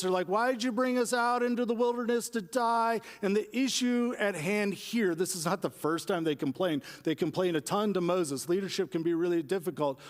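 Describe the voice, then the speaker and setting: A man preaching a sermon, his voice sitting a little high for a man. He talks to the congregation in a relaxed, conversational way. The sound carries a long reverb, as if recorded in a church sanctuary. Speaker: pastor.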